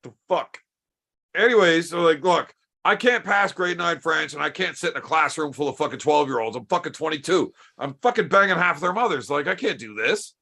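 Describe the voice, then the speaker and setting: Gravelly, bright-voiced profane storyteller man. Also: on the high side, fairly quick. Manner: profane, animated storyteller acting out dialogue. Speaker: podcast host. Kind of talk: casual storytelling over beers.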